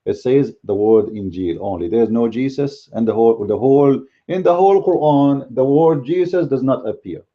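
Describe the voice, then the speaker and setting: A man's voice: mid-range voice, normal speed, few pauses, dull audio. A man whose first language is Arabic, giving blunt, combative commentary as a Christian apologist in a casual video. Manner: blunt and combative, speaks bluntly by his own account.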